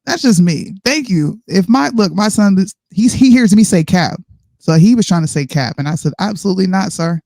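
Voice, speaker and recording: A woman with a North Carolina accent co-hosting a casual live-stream chat, slangy and quick to laugh. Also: mid-range voice, dry recording, clean studio sound. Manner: laughs easily, slangy, relaxed. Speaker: co-host.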